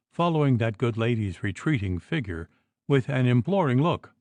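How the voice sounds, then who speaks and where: A man narrating an audiobook in expressive, unhurried storytelling. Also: medium pitch, no echo. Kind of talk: scripted narration.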